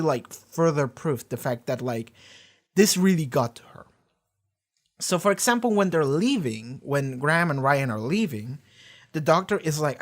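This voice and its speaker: A man hosting his own channel, talking casually with rambling, animated delivery and casual swearing. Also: fairly high pitch. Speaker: reaction channel host. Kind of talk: casual discussion.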